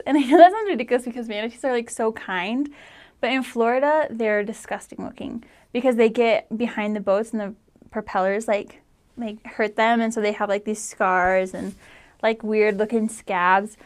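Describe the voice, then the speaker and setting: A woman in her twenties telling family stories in casual chat, full of "like" and lively quoted voices. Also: medium pitch, clear, resonant tone. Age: 20s. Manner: chatty, lots of "like", animated quoting. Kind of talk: casual storytelling.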